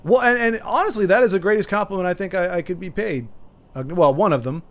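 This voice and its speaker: A man's voice: sits high, fast talker. A man streaming a video game, joking and rambling as he chats with his viewers. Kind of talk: casual gaming commentary. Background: faint game music.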